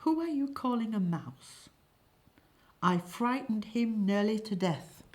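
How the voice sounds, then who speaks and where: A woman's voice: medium pitch, expressive, slow pace, darkish tone, voice pushed up. A woman voicing a sarcastic, defensive hired killer who bickers in a comic stage play. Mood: bickering.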